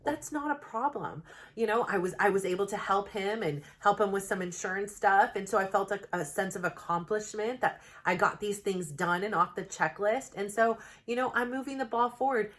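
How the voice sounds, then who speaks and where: Mom vlogger talking to camera at home, earnest and rambly, lots of likes. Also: female voice, mid-range voice, moderate pace, a bit bright. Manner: earnest, heartfelt, full of "like" fillers. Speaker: self-help vlogger, mother. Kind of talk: rambling to-camera vlog monologue. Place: home, new plain backdrop.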